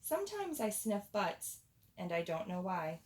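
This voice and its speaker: A woman voicing a friendly, clever male dog in a storybook reading, bright and chatty. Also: medium pitch, big pitch swings, measured pace. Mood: cheerful.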